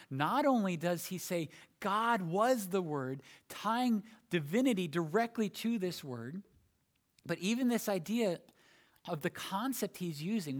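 A man preaching a sermon, explaining a passage phrase by phrase with emphatic pauses and small restarts. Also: high-pitched.

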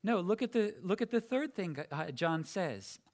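A man preaching a sermon, explaining a passage phrase by phrase with emphatic pauses and small restarts. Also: high-pitched, big pitch swings.

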